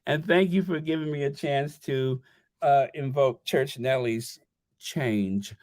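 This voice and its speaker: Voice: medium pitch, takes it slowly, darkish tone, no room sound, studio quality. A livestream host chatting casually, rambling and stammering while reading viewer messages aloud.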